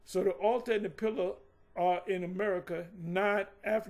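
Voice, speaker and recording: A man's voice: high-pitched, steady tone, moderate pace, darkish tone. A man giving combative, mocking commentary on scripture, rambling with frequent restarts. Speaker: religious commentator.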